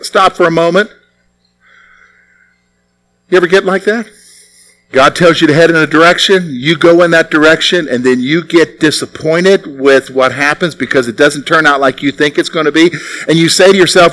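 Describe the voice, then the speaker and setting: A man preaching a sermon in an animated, conversational way, often putting rhetorical questions to his listeners. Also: fairly high pitch, normal speed, poor audio.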